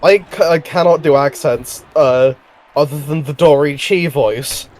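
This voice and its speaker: A man's voice: fairly high pitch, unhurried, darkish tone, slight background noise. A man chatting during an online tabletop game, often stopping mid-sentence to correct himself, a little sheepish. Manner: hesitant, self-correcting, slightly sheepish. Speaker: player in a tabletop sports game. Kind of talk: casual chat while playing online.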